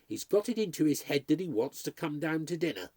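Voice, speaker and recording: A man's voice: on the high side, very animated, brisk, darkish tone, dry recording. A man voicing an old-fashioned butler, worried and gossipy, talking in a grumbling, confidential way.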